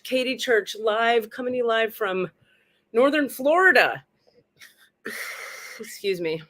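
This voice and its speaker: A woman from California hosting her own live stream, chatting casually in a playful, profane, self-mocking way from a rented home. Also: on the low side. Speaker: livestream spiritual host. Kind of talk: casual livestream chat.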